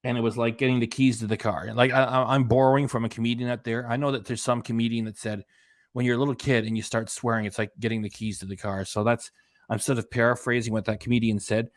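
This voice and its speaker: A man's voice: mid-range voice, little pitch movement, fast talker, no echo, clean studio sound. A man hosting a reaction channel, giving sarcastic, rambling casual commentary.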